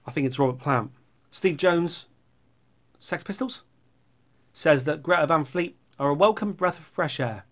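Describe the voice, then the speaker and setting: A middle-aged man rambling sarcastically as he reads out viewer comments on his channel. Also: a little high. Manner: sarcastic, rambling, puts on silly voices for comments. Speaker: YouTuber reading viewer comments.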